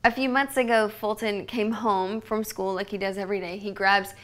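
A woman in her thirties giving a devotional podcast teaching, earnest and conversational, often dropping to a soft hush for emphasis. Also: medium pitch, fairly even intonation, normal speed. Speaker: Bible teacher.

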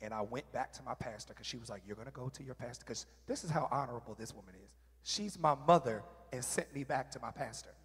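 Husky man telling an emotional testimony. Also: medium pitch. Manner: candid, animated, with halting restarts. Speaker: guest sharing testimony. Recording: reverberant hall.

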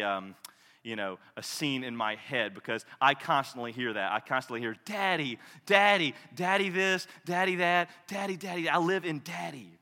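A man in his thirties preaching a sermon as a pastor, swinging from loud cries to hushed, soft tones. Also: medium pitch, long reverb tail.

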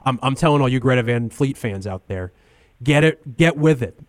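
A male radio host in a comedy call-in sketch, stammering through his words and grumbling with open anger. His voice is recorded close and dry, with no room sound. It sits at an ordinary male pitch. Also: animated, normal speed, no echo. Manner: stammering, grumbling, openly angry.

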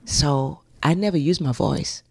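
Deep, gravelly, and slightly rough, this middle-aged Nigerian-accented woman speaks at a measured pace. As a guest in a conversational interview, she tells stories with animation, scatting and performing the quotes.

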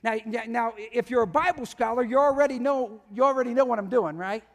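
A man's voice: very high voice, brisk, big-room sound. A man preaching a sermon as pastor, talking conversationally and often asking the congregation questions. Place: church sanctuary.

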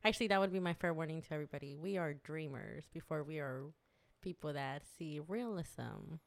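A woman with a slightly low voice, chatting casually and rambling through her stories. She laughs often and talks warmly about her experiences. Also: brisk, gravelly. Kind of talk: casual chat.

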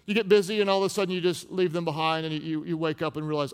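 A man preaching a sermon as pastor, acting out quoted voices and swinging from loud, pressing lines to hushed, heavy ones. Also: on the high side, fast talker, few pauses, clean tone. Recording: large hall with long reverb.

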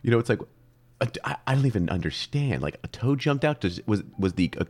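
A man co-hosting a casual podcast chat, rambling and joking, with big jumps in pitch for emphasis. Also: fast. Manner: animated, rambling, jokey, leaps up in pitch for emphasis. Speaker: podcast co-host.

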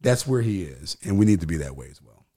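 A low-voiced man with a dark, mellow tone explains scripture in an emphatic, preacherly way. His pitch rises and falls widely as he builds his points through repeated phrases. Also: very animated, fast talker. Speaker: pastor and guest. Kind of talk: conversational teaching on scripture.

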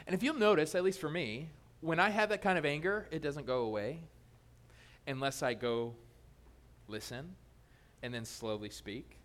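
Lively joking male pastor preaching. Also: fairly high pitch, moderate pace. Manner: lively and joking, teasing the congregation. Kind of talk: sermon.

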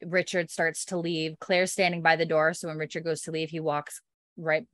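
A woman's voice: sits low, little pitch movement, normal speed, fairly bright tone, no room sound. A woman in casual chat, animatedly retelling scenes from a show and acting out the characters' lines, with plenty of fillers. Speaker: podcast co-host recapping a TV episode.

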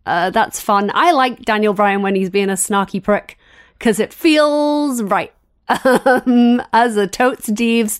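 A woman co-hosting a podcast in casual chat, talking in an animated way and laughing between points. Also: medium pitch, smooth, no echo, clean studio sound. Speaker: podcast co-host.

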